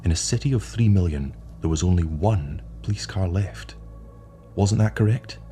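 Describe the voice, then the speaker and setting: A man with a very low, dark voice reads a short story aloud in a measured, atmospheric way. Faint music plays beneath his narration.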